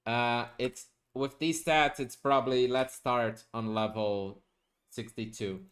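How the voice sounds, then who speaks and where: Playing as he teaches, this man gives a casual game tutorial, checking in with a quick "okay?" at the end of his points. His medium-pitched voice stays chatty and explanatory, perking up with excitement whenever good items appear.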